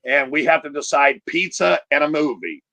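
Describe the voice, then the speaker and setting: A man's voice: fairly high pitch, normal speed, no room sound. A man telling a profane, punchy stand-up story over a video call. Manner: profane, punchy, animated delivery. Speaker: comedian.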